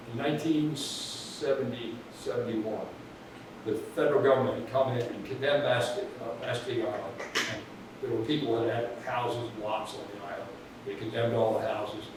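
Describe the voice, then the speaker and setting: Man, casual storyteller, rambling delivery; distant mic in a very echoey space with clear background noise. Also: medium pitch. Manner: rambling, restarts, chuckles at his own story. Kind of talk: casual anecdote.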